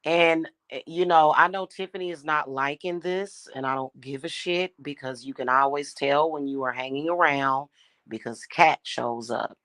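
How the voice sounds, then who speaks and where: A woman's voice: very deep voice, moderate pace, a bit bright, no echo. A young woman venting in an angry, profane rant, blunt and scornful as she talks. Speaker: spiritual reader and vlogger. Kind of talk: angry ranting monologue.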